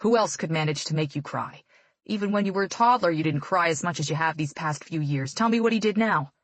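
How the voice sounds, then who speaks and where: A woman voicing a protective, loving middle-aged father who speaks gently but firmly. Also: low voice, expressive, fairly quick, no echo.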